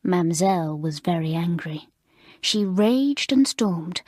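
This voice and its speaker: Woman narrating a storybook, breathy tone. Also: fairly low pitch, no room sound, clean studio sound. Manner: expressive, measured. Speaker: audiobook reader.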